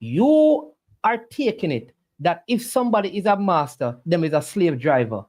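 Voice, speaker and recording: Livestream host, argues and lectures the chat, swooping animated pitch. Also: normal speed. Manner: argumentative, preachy, rhetorical questions. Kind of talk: casual argumentative livestream talk.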